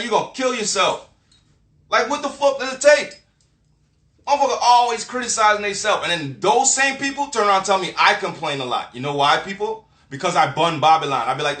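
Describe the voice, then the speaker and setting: A man's voice: high-pitched, pushed and bright. A man ranting to camera in a profane, emphatic, repetitive and preachy way. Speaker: vlogger. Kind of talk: profane casual rant. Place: Miami. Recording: echoey room.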